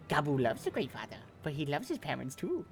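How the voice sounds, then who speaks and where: A man's voice: on the high side, wildly swooping pitch, a little fast, faint music behind. A man voicing a timid, pleading little male kobold in a game, with an odd put-on accent and repeated words. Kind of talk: reading game dialogue aloud.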